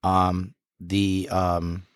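A man's voice: low-pitched, completely flat delivery, very slow, smooth, no room sound, clean studio sound. A man co-hosting a podcast, chatting casually in a rambling, jokey way with a frog in his throat. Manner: rambling, jokey, lots of fillers. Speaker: podcast co-host.

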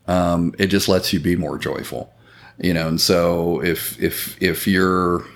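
A man's voice: deep voice, fairly even intonation, takes it slowly. A man talking in a casual podcast conversation, earnest and reflective, swearing now and then.

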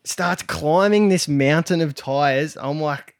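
A man's voice: on the high side, slow. A young Australian man telling a rambling story on a podcast, swearing freely and laughing along. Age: young adult. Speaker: podcast co-host. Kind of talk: casual storytelling chat.

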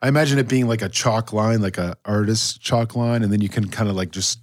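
A man's voice: on the low side, fairly quick, no room sound, studio quality. A man co-hosting a church podcast, chatting casually about faith with lots of fillers and restarts. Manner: rambling, many fillers and restarts. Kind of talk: casual chat.

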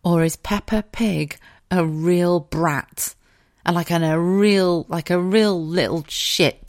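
A woman's voice: lowish voice, slow, a little mellow, dry recording, clean studio sound. A young mother chatting casually, laughing often and swearing freely. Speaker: podcast host, parent. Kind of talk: casual chat.

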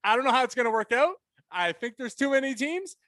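A man co-hosting a sports talk show, chatting animatedly and reacting loudly. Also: extremely high pitch, lively intonation, fast talker, no room sound, clean studio sound. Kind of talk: casual sports chat.

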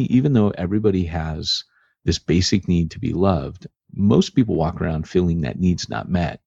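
A man's voice: deep voice, gravelly, darkish tone, breathy edge, dry recording. A man co-hosting a podcast in casual, rambling chat with lots of filler words, on dull lo-fi audio. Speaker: podcast co-host.

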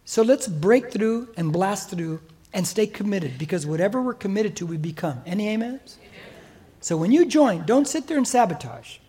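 A man's voice: high voice, lively intonation, normal speed, mellow, slightly rough. An older man with an American accent preaching a sermon as pastor in a church, emphatic and exhorting. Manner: emphatic, exhorting, mimics listeners' excuses.

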